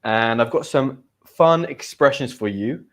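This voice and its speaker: A British man teaching English in a live stream. His voice sits at a middle pitch for a man. He talks in an easygoing, chatty way and reads viewers' comments aloud as he goes. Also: measured pace. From Great Britain.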